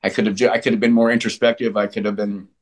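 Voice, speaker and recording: A man's voice: lowish voice, little pitch movement, racing. A man in his sixties telling his story as an interview guest, blunt and profane, often restarting his sentences. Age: 60s. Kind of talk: candid conversational storytelling.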